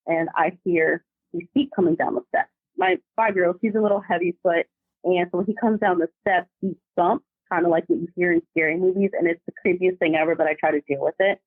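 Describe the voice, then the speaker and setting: Brief: animated woman caller telling a story down a thin, tinny phone line. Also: fairly low pitch, no echo. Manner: animated, vivid retelling. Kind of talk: casual storytelling. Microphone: phone call.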